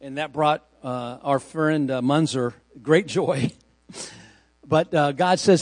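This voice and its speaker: A man's voice: a little high, slow, dry recording. A male pastor preaching a sermon, reading scripture aloud and stressing key words with emphasis.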